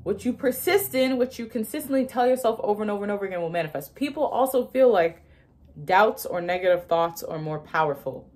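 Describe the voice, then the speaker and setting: A young woman talks straight to her viewers in a casual, emphatic way. She laughs often and slips into little acted-out inner voices as she explains. Her pitch sits in the middle range. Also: lively intonation, brisk, darkish tone. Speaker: manifestation content creator.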